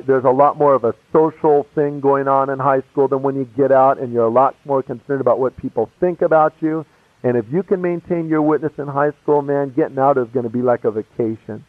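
A man's voice: medium pitch, no room sound. A man preaching a sermon, telling his own conversion story in a casual, slangy way. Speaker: pastor. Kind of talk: sermon with personal testimony. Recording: tinny phone-like radio broadcast.

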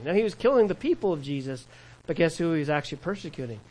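Animated, conversational male preacher. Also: a little high, fast talker, low-quality recording. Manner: animated, conversational preaching with laughs and imagined dialogue. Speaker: pastor. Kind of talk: sermon.

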